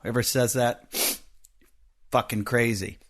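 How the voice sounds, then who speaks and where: A middle-aged man with a stuffy nose hosting a podcast, rambling and joking, swinging from loud bursts to muttered asides. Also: mid-range voice, steady tone, slow. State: stuffy nose, a bit snotty. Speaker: podcast host and comedian. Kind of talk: casual podcast monologue.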